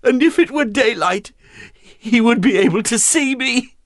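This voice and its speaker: A man's voice: on the high side, big pitch swings, a little slow, no echo, studio quality, pitched above the performer's own voice. A man voicing a scheming, thrill-seeking young princess in a raised, teasing voice, in an audiobook read. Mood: gleeful.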